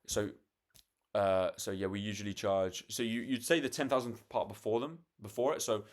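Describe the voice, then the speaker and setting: A man's voice: on the low side, fairly even intonation, normal speed. Swearing young man vlogging late at night. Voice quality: swears freely, restarts often, acts out sales calls. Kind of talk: casual late-night talk to camera.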